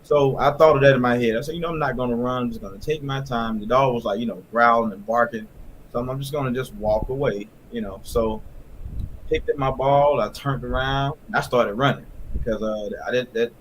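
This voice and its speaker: A man recounting a childhood memory in a plain, halting way, with many fillers. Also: medium pitch, a little hiss or hum. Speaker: guest. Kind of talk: casual storytelling.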